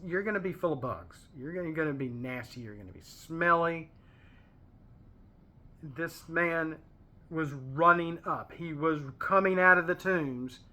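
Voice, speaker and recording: A man's voice: on the high side, moderate pace, pushed and bright. A man hosting a casual Bible study, reading verses and explaining them in a chatty, digressive way with pop-culture asides.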